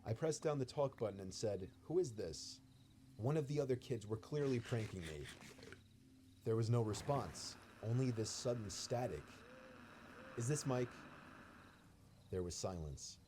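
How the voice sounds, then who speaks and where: A man reading a scripted first-person horror story in a steady, even storytelling manner. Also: on the low side, normal speed, slight background noise.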